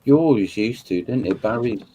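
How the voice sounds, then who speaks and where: Man, low mellow voice, dry understated chat. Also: lively intonation, a little fast, husky, low-quality recording. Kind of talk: casual chat over gameplay.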